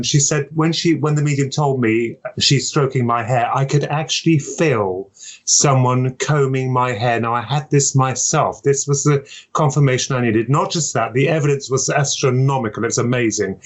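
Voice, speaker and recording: A man in casual conversation, speaking earnestly and emphatically and asking questions. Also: medium pitch.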